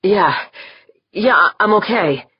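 Brief: a woman playing a kind young man fighting a headache, tense and gentle. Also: high voice, expressive, slow, slightly rough, no room sound, highs cut off, pitched above the performer's own voice, exaggerated voice. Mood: strained. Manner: tight, strained.

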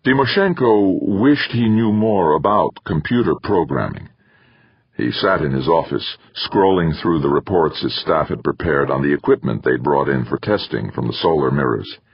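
A man reads a novel aloud in an extremely deep voice with lively intonation. His voice is gravelly and husky, and the recording is dull and lo-fi. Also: normal speed, dry recording. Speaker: audiobook narrator. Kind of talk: scripted narration. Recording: dull lo-fi dry.

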